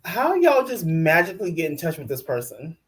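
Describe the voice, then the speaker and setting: A man's voice: a little high, sing-song, fairly quick. A man co-hosting a casual recap podcast, talking loosely and leaning on filler words. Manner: loose, conversational, heavy on fillers like "like". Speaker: podcast co-host.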